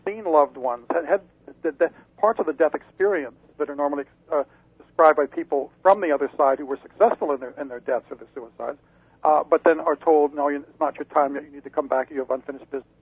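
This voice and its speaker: A man's voice: a little high, fast, breathy edge, no echo. Hesitant man on a tinny phone line. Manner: hesitant, many restarts and fillers. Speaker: guest parapsychologist. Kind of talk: radio interview, reflective explanation. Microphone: phone call-in.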